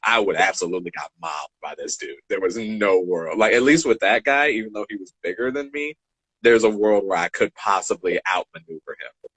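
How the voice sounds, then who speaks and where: A man in his twenties co-hosting a podcast, telling stories in a casual, animated way and acting out the dialogue. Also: lowish voice, fairly quick, breathy edge, no room sound, low-quality recording. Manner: animated, acts out dialogue, laughs between lines. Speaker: podcast co-host. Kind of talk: casual storytelling chat.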